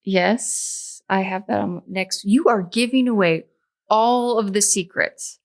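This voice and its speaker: A woman's voice: mid-range voice, slow pace. A woman co-hosting a podcast, chatting playfully and reading from her notes. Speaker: podcast co-host. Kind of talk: casual chat.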